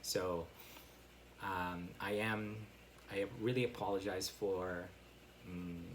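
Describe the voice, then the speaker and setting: A man's voice: low-pitched, little pitch movement, slow pace, long pauses, slight background noise. A man giving a casual online English lesson, explaining step by step with frequent fillers and "right?" check-ins. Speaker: English teacher.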